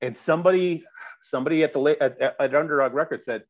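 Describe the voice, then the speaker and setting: A man's voice: fairly high pitch, fast talker. A middle-aged man from Chicago, a musician guest telling a long story in a loose, rambling way, restarting his sentences and swearing now and then. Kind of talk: casual storytelling interview.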